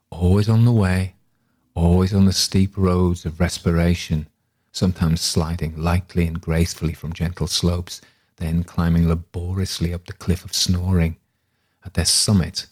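A man reading a literary story aloud in a measured, reflective way. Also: low voice, darkish tone, husky. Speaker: reader.

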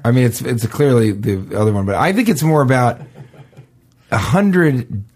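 A man's voice: medium pitch, lively intonation, normal speed, a little mellow. A man with a mid-range voice co-hosts a comedic chat. He reads listener questions aloud as if they were grave matters, then riffs on them in a goofy, rambling way. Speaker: co-host.

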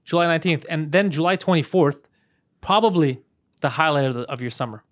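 A man co-hosts a podcast in loose, profane banter, laughing between lines. His voice sits a little high. The sound is dry and close, with no room around it. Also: a little fast, no room sound. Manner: laughing, loose, swears freely. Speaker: podcast co-host.

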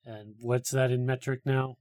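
A man's voice: mid-range voice, level tone, moderate pace, heavy background noise. A man co-hosting a podcast in casual chat, wry and teasing. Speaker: podcast co-host.

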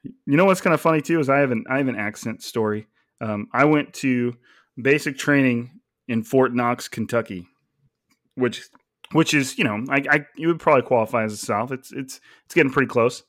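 A man from California hosting a sports podcast, telling stories in a relaxed, chatty way with fillers. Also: medium pitch, moderate pace, no echo, clean studio sound. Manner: relaxed storytelling with fillers and laughs. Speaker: podcast host. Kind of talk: casual sports podcast chat.

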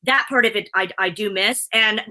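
A woman's voice: medium pitch, moderate pace, bright, forceful tone, poor audio. A middle-aged woman, a presenter, chatting as an interview guest in a bubbly, chatty way. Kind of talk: casual interview chat.

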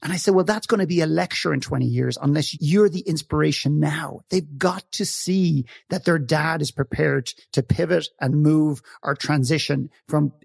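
A man's voice: fairly high pitch, gravelly, a little mellow, breathy edge, dry recording, studio quality. A man speaking as a podcast guest, telling a story with emphasis, acting out the dialogue and swearing now and then. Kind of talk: passionate storytelling in conversation.

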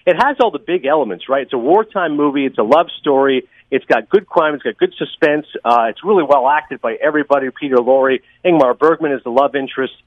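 A man talking about films on a podcast, fast and enthusiastic, with lots of opinions. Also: mid-range voice, no echo, narrow, tinny audio. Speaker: podcast guest, film critic. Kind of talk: casual podcast chat.

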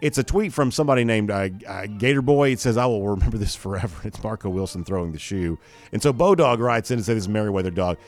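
A man's voice: fairly low pitch, lively intonation, fast. A man hosting a daily college football talk show, rambling casually with many fillers and restarts. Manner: rambling, self-correcting, with frequent fillers. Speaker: sports show host.

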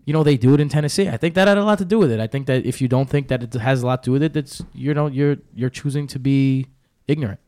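A man's voice: medium pitch, quick pace, a little mellow. A man with a New York accent giving blunt, opinionated takes in a casual sports chat. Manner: blunt, opinionated, speaks his mind.

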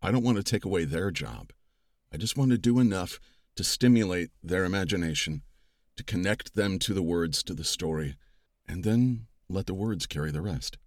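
A man with a deep, low-set voice speaks in a measured, thoughtful way about his craft as an audiobook narrator. The sound is dry and close, with almost no room around it. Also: animated, no room sound. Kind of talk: reflective interview talk.

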